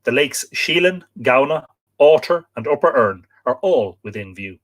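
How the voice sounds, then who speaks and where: This Irish man speaks in a mid-range voice with lively intonation at a moderate pace. Hosting a live stream, he reads from a book, chats to viewers between passages, and sometimes spells out the names of places.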